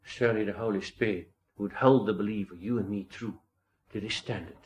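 A man's voice: fairly low pitch, fairly even intonation, brisk, darkish tone. A man preaching an expository Bible sermon, reading old-style scripture aloud and stressing key points with earnest rhetorical questions. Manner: quotes old-style scripture and builds to emphatic rises.

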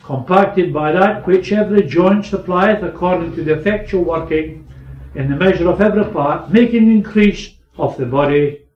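A man preaching a sermon, swinging between raised emphasis and quiet asides. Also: sits high, moderate pace. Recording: echoey, distant, muffled recording.

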